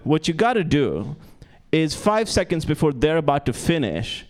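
A man's voice: on the high side, sing-song, normal speed, darkish tone. A young man performing a stand-up comedy set on a club stage, self-deprecating and stumbling over restarts. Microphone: handheld stage mic.

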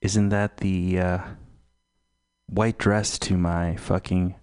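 A man hosting a live community radio show, rambling slowly and swearing freely between music. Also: low-pitched, flat delivery, darkish tone, smooth. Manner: profane, slow and meandering. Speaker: radio host.

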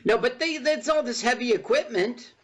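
A man co-hosting a podcast, making puns and quick reactions while watching a movie. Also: very high-pitched, lively intonation. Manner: playful punning, quick reactions. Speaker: podcast co-host. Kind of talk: casual movie-watching chat.

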